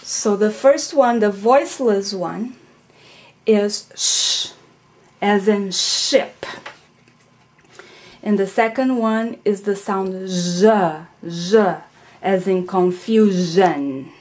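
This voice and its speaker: A woman's voice: mid-range voice, slow, a little mellow. A woman teaching a recorded phonetics lesson, explaining patiently and checking in with "okay?" and "right?".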